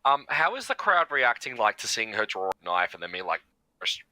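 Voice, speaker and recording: A man's voice: lowish voice, very animated, fairly quick, bright, forceful tone, no echo. A man playing a tabletop game, talking hesitantly with many "like" fillers. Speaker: player.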